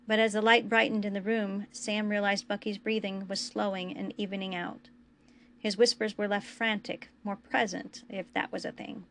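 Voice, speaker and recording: A woman podcast host reading fan fiction aloud in a quiet, even storytelling manner. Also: mid-range voice, moderate pace, vocal fry, a little hiss or hum.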